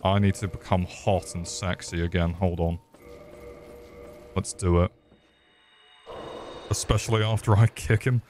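A man's voice: low-pitched, fairly even intonation, unhurried, pauses often, darkish tone, a little hiss or hum. Crude joking English guy streaming. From England. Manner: crude, joking, swears often, talks to chat. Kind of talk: live gameplay commentary.

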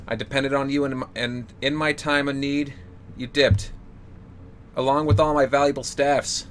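A man's voice: medium pitch, steady tone, unhurried, long pauses, fairly bright tone, slight background noise. A man live-streaming a video game, talking through his play in an exasperated, jokey way.

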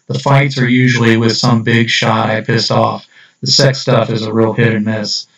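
Weary dead artist read by a man: flat, matter-of-fact, distant lo-fi sound. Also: medium pitch, normal speed, vocal fry, reverberant. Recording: dull distant lo-fi recording.

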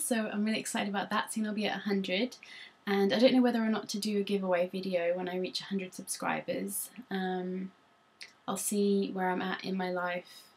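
Rambling young Norfolk woman vlogging. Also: medium pitch. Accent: Norfolk English. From Norfolk, England. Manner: rambling and self-conscious, many ums. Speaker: beauty vlogger. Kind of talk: casual chat to camera.

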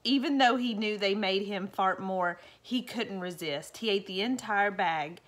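A woman reads a children's picture book aloud in a playful, chatty way. She breaks off for casual asides to her young listeners. Her pitch sits in the middle of the usual range for a woman. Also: measured pace, a bit bright. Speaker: storyteller reading a picture book.

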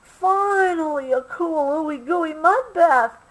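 A woman voicing an eager little male rhino calf in a storybook read-aloud, squealing with excitement. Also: slow pace, husky, exaggerated voice, poor audio. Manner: excited, squealing, high and bright.

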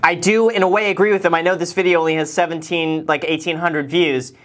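A man hosting a casual reaction video, animated and joking, with mocking asides. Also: a little high, quick pace, faint music behind. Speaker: host, finance YouTuber.

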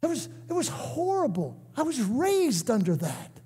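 An older man preaching a sermon, emphatic, breaking into shouts and calling on the congregation to answer. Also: extremely high pitch, wildly swooping pitch, moderate pace, breathy edge. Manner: emphatic, bursts into shouts and calls for response. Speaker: guest preacher. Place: church sanctuary. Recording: echoey church hall.

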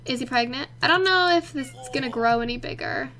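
Bright, excitable young woman commentating a game. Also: high voice, fairly quick. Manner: chatty, excitable, talks to her game characters. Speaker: let's play host.

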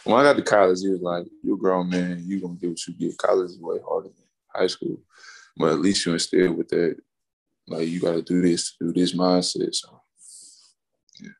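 Deep flat gravelly young man. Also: fairly quick, rough recording. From Mississippi. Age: young adult. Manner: relaxed, rambling with fillers and restarts, laughs while telling stories. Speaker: college basketball player, guest. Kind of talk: casual interview storytelling.

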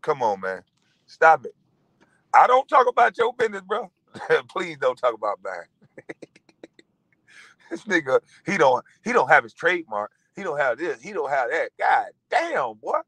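Animated middle-aged man ranting, bright voice. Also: fairly high pitch, a little slow, no room sound, poor audio. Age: 40s. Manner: animated, laughing, mocking. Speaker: vlogger. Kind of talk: profane ranting monologue.

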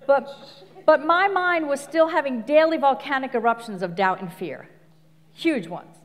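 A middle-aged woman coach giving an animated live talk full of stories, laughing often and acting out quotes. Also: high voice, moderate pace, in a large hall. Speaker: speaker and coach. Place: large venue before an audience.

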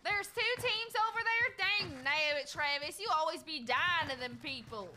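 A woman doing a folksy, foul-mouthed Southern gal who stretches every word into a lazy drawl. The voice sits very high, and game noise clatters underneath. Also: lively intonation, sharp tone, full character voice. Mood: drawling, gruff. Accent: put-on Southern US. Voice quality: slow exaggerated drawl.

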